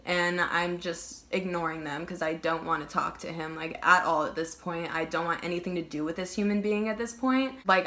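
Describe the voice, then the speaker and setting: A woman's voice: fairly low pitch, pushed and bright. A young woman vlogger telling a casual storytime, emphatic and heated, swearing and filling her talk with "like".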